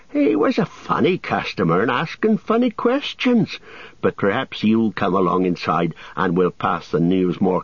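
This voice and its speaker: Hearty rustic hobbit farmer, loud and swooping; male reader doing the voice, husky tone. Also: medium pitch, dry recording, dull audio. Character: gruff country hobbit farmer, suspicious then hearty.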